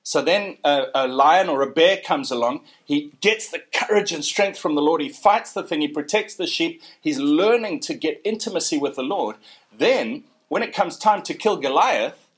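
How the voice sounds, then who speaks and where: A man preaching a sermon in a church, telling a story in a chatty, animated way with frequent tag questions. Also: on the high side, moderate pace.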